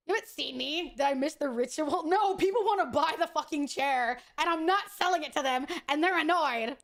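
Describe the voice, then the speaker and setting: A woman's voice: high-pitched, expressive, brisk, fairly bright tone. A woman streamer chatting casually while gaming, blunt, profane and opinionated. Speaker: VTuber streamer.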